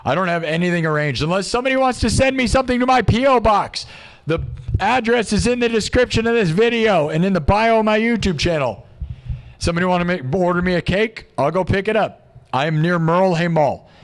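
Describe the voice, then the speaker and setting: A young man talks straight to his live audience in a loose, rambling way. He sounds excitable, his speaking voice sits a touch high, and he tosses in "dude" and "like" as he goes. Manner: reads out supporters' names in a quick list. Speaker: livestream host. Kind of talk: casual rambling livestream chat.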